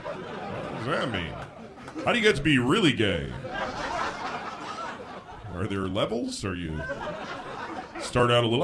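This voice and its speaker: A man doing a stand-up comedy routine on a stage before a live audience, telling frank stories and breaking into shouted impressions. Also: medium pitch, wildly swooping pitch, unhurried, long pauses, background noise. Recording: live show with audience laughter. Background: audience laughter.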